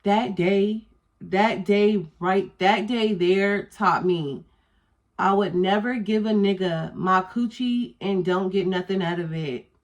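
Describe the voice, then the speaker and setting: A young woman with a voice of middling pitch tells a storytime on her vlog. She is candid and profane, and she drawls through the story in a loose, casual way. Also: slow pace, muffled recording. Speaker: YouTuber.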